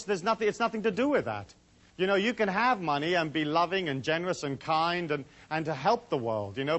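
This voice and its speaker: A man's voice: a little high, fairly bright tone. A man giving a casual lecture to a live audience, rambling and chatty with many asides. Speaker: seminar speaker.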